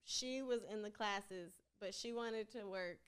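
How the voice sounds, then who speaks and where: A woman's voice: mid-range voice, a little slow, fairly bright tone, smooth. A young woman guesting on a podcast interview, telling stories in a laid-back, slangy way and laughing often. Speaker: rapper and singer, interview guest. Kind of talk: casual interview chat.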